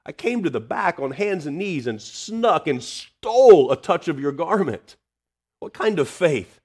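A man's voice: on the high side, big pitch swings, unhurried, a little mellow, husky, pitched above the performer's own voice, exaggerated voice. A man voicing a frightened, ashamed woman who pleads anxiously in a sermon retelling. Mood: pleading.

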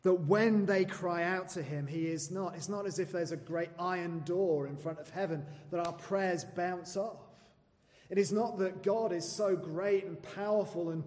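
A slightly high, mellow-toned male preacher delivers an earnest sermon in a church hall. He questions his listeners directly and moves between hushed, dropped phrases and loud, emphatic ones. A long reverb trails each line. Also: normal speed.

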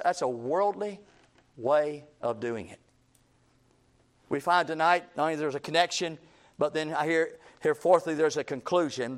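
A man pastor preaching a sermon, jumping between loud, high outbursts and quiet, low asides, acting out the voices of people he quotes. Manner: acts out quoted voices of sinners.

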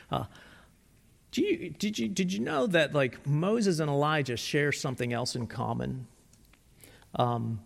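A man preaching a sermon, retelling stories in a conversational, animated way with frequent restarts. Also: fairly high pitch, vocal fry, big-room sound. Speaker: pastor.

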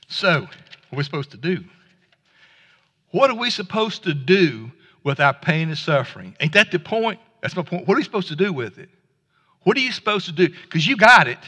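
Lively, bright-voiced pastor preaching. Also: male voice, sits high, normal speed, pauses often, breathy edge, long reverb tail. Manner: conversational, folksy preaching with stammered restarts. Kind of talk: sermon. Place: church sanctuary.

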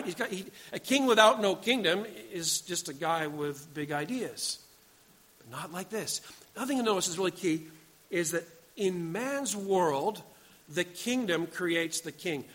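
A man in his forties delivers a sermon in a bright, slightly high voice. He is earnest, urging loudly at times and then falling to a quiet, close storytelling tone. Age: 40s. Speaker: pastor.

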